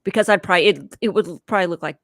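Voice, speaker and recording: A woman in her forties hosting a casual recap podcast, animated and quick to laugh as she spins theories aloud. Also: on the low side. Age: 40s. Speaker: podcast host.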